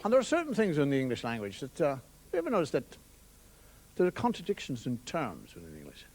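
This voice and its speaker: A man telling stand-up comedy, wry storytelling that slips into quick put-on voices for the people he quotes. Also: mid-range voice, huge pitch swings, a crowd in the background. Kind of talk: stand-up monologue. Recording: TV studio with audience laughter and noise. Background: audience laughing.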